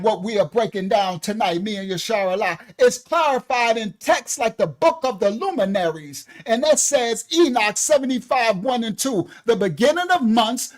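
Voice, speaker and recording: Energetic man teaching scripture. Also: very high voice. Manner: energetic, breaks into exclamations and colloquial asides. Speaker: bible teacher. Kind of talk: livestreamed scripture lesson. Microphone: own microphone.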